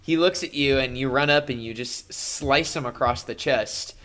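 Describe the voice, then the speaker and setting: A man's voice: medium pitch, moderate pace, fairly bright tone. A man narrating a live-streamed tabletop game as game master, playful and jokey, with frequent fillers.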